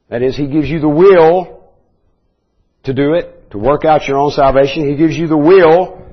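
Man, Bible teaching sermon, measured explanatory delivery, husky, muffled recording. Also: mid-range voice. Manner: measured, explanatory, with restarts and asides. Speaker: preacher.

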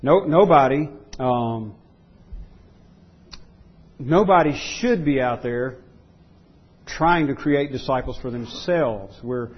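Male pastor, husky voice, emphatic sermon delivery with repeated phrases, dull lo-fi recording. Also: mid-range voice, slow pace, long pauses.

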